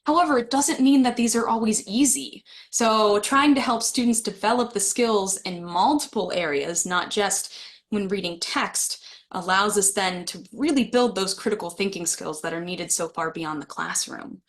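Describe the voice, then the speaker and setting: A woman's voice: medium pitch, normal speed. A woman presenting a webinar for teachers, talking casually and friendly, reacting to comments from the chat. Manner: friendly, laughs with the chat, reads comments aloud. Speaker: webinar presenter for adult educators.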